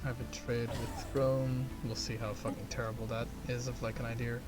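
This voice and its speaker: A man's voice: mid-range voice, flat delivery, normal speed. A young man chatting casually while playing a strategy game, rambling and sarcastic with plenty of swearing and fillers. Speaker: gamer. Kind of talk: casual gaming chat. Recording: game music behind the voice.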